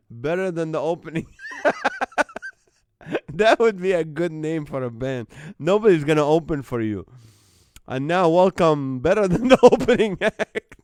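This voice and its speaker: Viewers' joke band names keep cracking up this man as he reads them aloud on a live call-in comedy stream he hosts from home on his phone. He speaks a little high and a little slowly, expressive and darkish, pausing often, in clean studio sound with no room noise.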